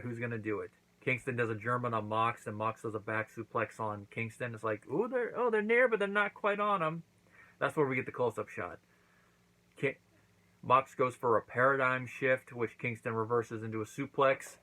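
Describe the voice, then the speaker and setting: A man's voice: medium pitch, pushed and bright, rough recording. Chatty man recapping a wrestling show. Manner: chatty recap with acted-out quotes. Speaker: wrestling reviewer. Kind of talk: casual review monologue.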